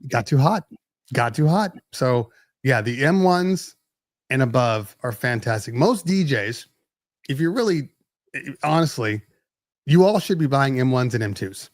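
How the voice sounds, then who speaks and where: A man's voice: medium pitch, lively intonation, unhurried, no echo, studio quality. A man hosting a podcast, chatting casually and explaining with many restarts. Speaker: podcast host. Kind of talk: casual tech chat.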